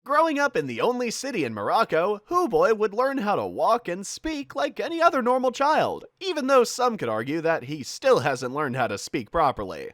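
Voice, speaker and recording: Male voice-over for a spoof biopic, deadpan, very lively pitch swings, dry close sound. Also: moderate pace, hardly any pauses, no room sound. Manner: deadpan, mock-serious. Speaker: voice-over narrator. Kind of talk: mock documentary narration.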